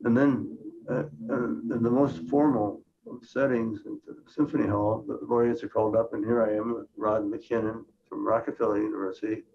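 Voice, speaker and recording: With a lowish voice and fairly even intonation, this older Minnesotan moves at a moderate pace through a slide-based conference lecture on science. He often restarts phrases and slips in understated, dry jokes. The audio is muffled and lo-fi.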